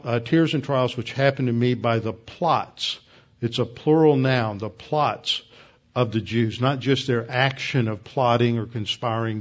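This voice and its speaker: A man teaching through a Bible passage verse by verse, explaining words and pausing often with "uh" as he thinks. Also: medium pitch. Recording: dull lo-fi recording.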